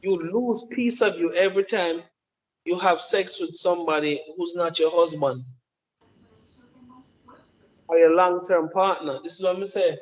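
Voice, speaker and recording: Jamaican guy preaching his opinions, kinda high voice, repeats himself a lot, muffled lo-fi sound. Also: unhurried, pauses often. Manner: emphatic, preachy, repeats words. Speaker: commentator. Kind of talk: opinion monologue.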